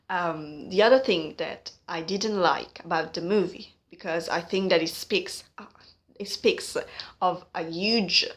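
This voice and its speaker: A woman's voice: fairly low pitch, a bit bright. A woman vlogging her opinions casually, hesitant and full of fillers as she searches for words, sounding frustrated and critical.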